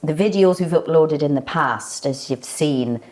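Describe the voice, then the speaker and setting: A middle-aged woman chatting as an interview guest, agreeable and quick to laugh. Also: deep voice, darkish tone. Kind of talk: casual chat.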